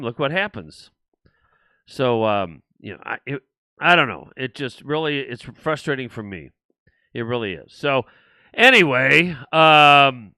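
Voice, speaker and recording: Speaking solo to his viewers, the older host of a livestream show rambles with evident frustration, frequently starting over. The pitch leans high, the sound is pushed and bright, and there's no echo.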